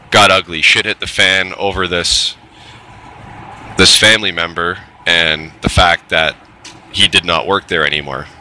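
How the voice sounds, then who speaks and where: A middle-aged man with a very deep yet strikingly bright voice tells a story in a casual monologue. He speaks candidly and plainly, with the odd swear word. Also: slight background noise, low-quality recording. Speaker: trades technician telling his story.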